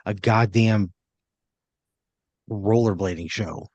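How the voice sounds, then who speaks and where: A man's voice: on the low side, slow pace, darkish tone, no room sound, dull audio. A man co-hosting a comedy podcast, reacting with incredulous, cursing pushback. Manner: incredulous, swears freely. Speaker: podcast co-host. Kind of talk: casual comedy chat.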